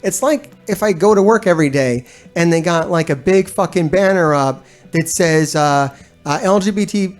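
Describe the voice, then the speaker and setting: In a slightly high voice at a moderate pace, the gaming streamer and video host vents to his live chat. The casual, rambling rant is blunt and profane, full of exasperation, restarts, and laughs.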